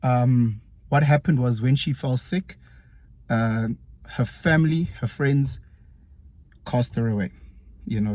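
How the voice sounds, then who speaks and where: A man from KwaZulu-Natal with a South African accent, a former teacher chatting through a personal story in a vlog, lively and jumping up in pitch when he acts out other people. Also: no echo.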